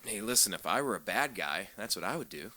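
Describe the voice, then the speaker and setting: Brief: man, radio talk host, bright edgy tone, sarcastic rant with stumbling repeats. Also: fairly low pitch, lively intonation, fairly quick, slight background noise. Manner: sarcastic, ranting, repeats words when fired up. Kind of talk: political talk radio monologue.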